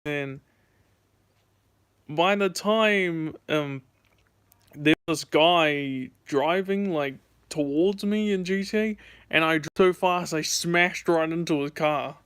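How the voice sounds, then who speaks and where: A young man chats about games on his stream from home, rambling with constant filler words. His slightly high voice is smooth and clear, heard close and dry with no room sound. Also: takes it slowly, a bit bright, no echo. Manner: rambling, filler-heavy storytelling. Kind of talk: casual gaming chat.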